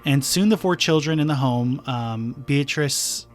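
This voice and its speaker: A man's voice: medium pitch, a little slow, faint music behind. A man co-hosting a podcast, casually retelling a true-crime case with fillers and restarts. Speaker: podcast co-host.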